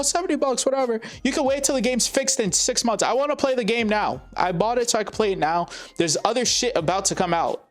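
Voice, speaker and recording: A man ranting angrily about a game, swearing often and pausing on fillers. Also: high voice. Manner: profane, heated, frequent filler pauses. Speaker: gaming commentator. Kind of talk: angry rant to camera.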